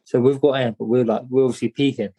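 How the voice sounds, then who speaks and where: Guy telling his story, stumbles and repeats himself, warm mellow tone. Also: mid-range voice, fairly even intonation, slightly rough. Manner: halting, repeats words, says "mate" often. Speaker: guest. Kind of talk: candid personal story in an interview.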